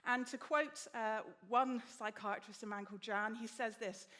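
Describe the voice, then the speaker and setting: High-voiced woman preaching. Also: normal speed. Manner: lively storytelling, acting out quotes. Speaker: guest preacher. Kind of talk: sermon.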